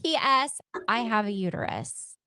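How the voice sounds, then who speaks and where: A woman's voice: a little high, expressive, measured pace, sharp tone, no room sound, studio quality. A woman co-hosting a political talk podcast, blunt and sarcastic, swearing casually as she talks. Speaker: podcast co-host.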